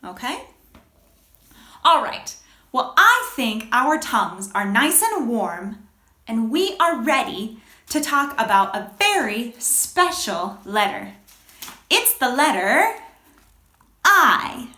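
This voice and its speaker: A woman teaching a children's phonics lesson, speaking slowly and exaggerating each sound for young learners. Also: on the high side, echoey room. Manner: slow, expressive, exaggerated sounds.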